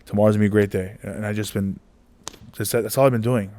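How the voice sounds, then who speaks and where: A man in his forties, a comedian telling stories in a casual interview, rambling and animated, acting out the dialogue. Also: lowish voice, fast talker. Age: 40s. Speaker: comedian guest.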